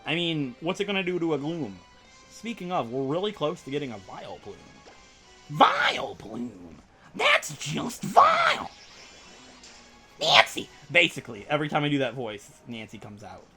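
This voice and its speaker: A man hosting a let's play, rambling and joking excitedly over his game. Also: a little high, fast, faint music behind. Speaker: gaming channel host.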